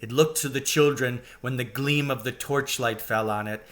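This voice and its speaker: A man, a teacher, reading a children's novel aloud with slow, deliberate storytelling. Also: mid-range voice, fairly even intonation, a bit bright.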